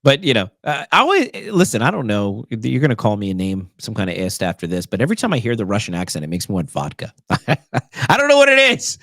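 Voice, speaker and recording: A man hosting a political talk show, his pitch swinging widely as he jokes and jabs sarcastically. He often stops on fillers. The sound is dry and close. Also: dry recording. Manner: animated, sarcastic, many fillers. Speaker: show host. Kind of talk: casual political commentary.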